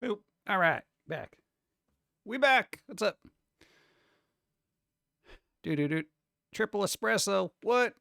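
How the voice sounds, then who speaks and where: Male host, casual and playful, goofy sound effects, slightly high voice. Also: animated, slow pace, creaky, long pauses, sharp tone, no room sound, clean studio sound. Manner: playful, makes goofy noises. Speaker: streamer host. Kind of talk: casual chat.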